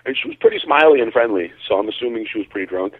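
A man from Connecticut, a bodybuilder, telling a story in a relaxed, rambling way on a call-in show, heard over a tinny phone line. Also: on the low side, very fast. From Connecticut, USA. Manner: relaxed, rambling, lots of fillers. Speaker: bodybuilder and caller.

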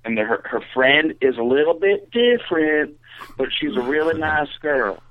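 A man's voice: a little high, lively intonation, normal speed, a little hiss or hum. A man telling a casual, profane anecdote, rambling with fillers. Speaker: storyteller. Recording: tinny phone-like audio.

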